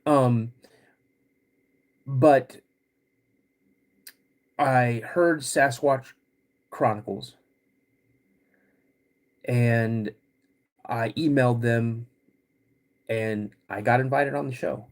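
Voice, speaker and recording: A man in his fifties hosting a live podcast stream, greeting chat viewers by name in a halting way while getting over a cold. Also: mid-range voice, fairly even intonation. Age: 50s. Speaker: podcast host.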